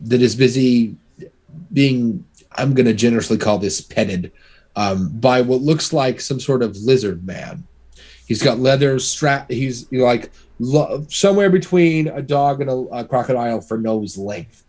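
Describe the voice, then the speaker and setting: A man narrating as game master, talking loosely with many restarts and fillers. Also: medium pitch. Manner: relaxed, filler-heavy narration with frequent restarts.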